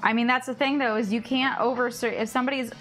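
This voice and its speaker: A young woman with a slightly high voice chats casually, stringing her stories together with constant "like"s and restarts. She talks about bar work in a loose, easygoing way, while soft music plays faintly in the background. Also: fairly even intonation, fast talker. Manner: rambling, filler-heavy storytelling with lots of "like". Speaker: bartender. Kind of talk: casual chat on a cooking stream.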